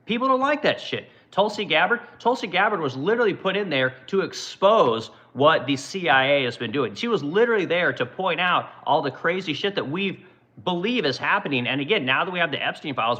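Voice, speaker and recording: A man's voice: high-pitched, sharp tone, low-quality recording. A man in his forties from Oregon hosting a livestream, ranting in casual, profane commentary. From Oregon, USA. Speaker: livestream host and business owner.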